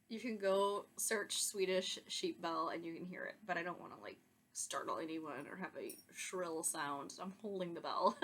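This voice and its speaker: A woman hosting her own podcast, talking casually and excitedly to viewers, rambling with asides and soft laughs. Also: on the low side, husky. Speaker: podcast host. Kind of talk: casual chat to camera.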